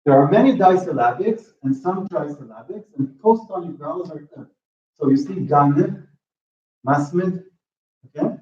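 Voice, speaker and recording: A man giving an academic talk in linguistics, halting and restarting often, checking in with the audience. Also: fairly high pitch, lively intonation, a little mellow, recorded from a distance. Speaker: linguistics lecturer. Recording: roomy lo-fi hall recording from afar.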